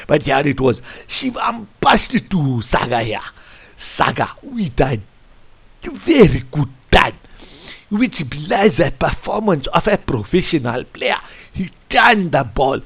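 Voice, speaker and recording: A man coaching football, reviewing a match over a tactics board in an animated, rambling way. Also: mid-range voice, gravelly. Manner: animated, rambling, keeps saying "I tell you". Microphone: computer mic. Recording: lo-fi screen recording.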